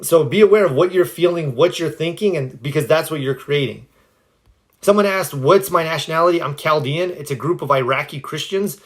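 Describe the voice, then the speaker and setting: An American man offers earnest, encouraging self-help advice on a phone livestream, responding to viewers' questions. His voice is fairly high and slightly cracked, and he talks a little fast.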